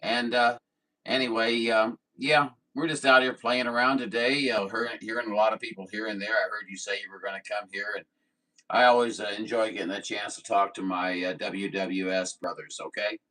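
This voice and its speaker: A man from southern Missouri chats over a sideband radio in a low voice with a bright, forward edge. He talks in a folksy, easygoing way, apologizing often and filling pauses with plenty of ums and uhs. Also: fairly even intonation, poor audio. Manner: folksy and apologetic, with many fillers. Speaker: CB radio operator. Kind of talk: casual radio chat.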